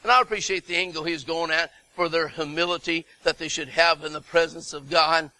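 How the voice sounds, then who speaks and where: A middle-aged man preaching a fervent sermon, breaking into shouts of repeated words and folksy asides to the congregation. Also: on the high side, fairly even intonation, a little fast, low-quality recording.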